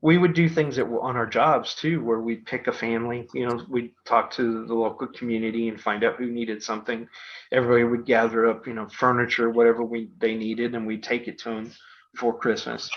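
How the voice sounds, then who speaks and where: A man's voice: medium pitch, level tone, brisk. A middle-aged man hosting a podcast, telling a rambling story full of fillers and restarts. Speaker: podcast host. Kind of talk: casual storytelling. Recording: dull lo-fi podcast audio.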